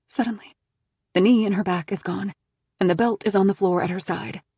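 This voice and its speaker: A woman narrating a thriller audiobook in a tense, measured reading on a close studio mic. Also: mid-range voice, fairly even intonation, dark tone, slightly rough, dry recording.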